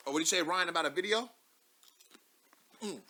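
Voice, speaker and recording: Young guy ranting on a live show, high bright voice, loud and mocking, keeps laughing. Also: brisk, slight background noise. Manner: loud, mocking, laughs often, repeats himself. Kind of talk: animated commentary reading posts aloud.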